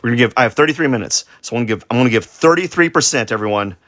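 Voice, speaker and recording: A man's voice: mid-range voice, expressive, rapid-fire, fairly bright tone, no echo, studio quality. A man streaming a drawing session live, rambling and joking about his own work as he sketches. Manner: rambling, self-deprecating, with silly sound effects. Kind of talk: casual live-stream commentary while drawing.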